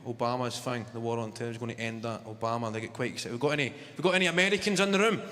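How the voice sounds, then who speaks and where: A man's voice: medium pitch, racing, background noise. A man with a Scottish accent doing a stand-up comedy set on stage at a large live venue, telling brash, profanity-laced stories and slipping into acted-out voices. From Scotland. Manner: sweary, brash storytelling that slips into acted-out voices. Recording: echoey hall with loud ambience.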